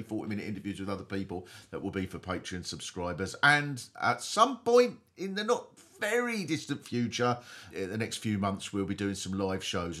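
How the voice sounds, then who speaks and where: A man's voice: fairly low pitch, a bit bright. A middle-aged man hosting a comedy podcast in a theatrical, mock-grand way. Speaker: podcast host.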